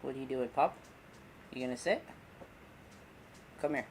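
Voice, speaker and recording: Male streamer, casual and chatty, joking and rambling, middle pitch, faint hiss behind. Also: moderate pace, a little mellow. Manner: rambling, joking, talks to his dog and chat. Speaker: livestream host. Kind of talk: casual livestream chat.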